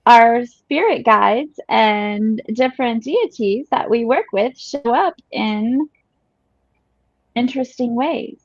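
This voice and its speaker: Slow-talking woman on a dull, dry line. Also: fairly high pitch, no echo. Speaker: podcast co-host. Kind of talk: casual chat.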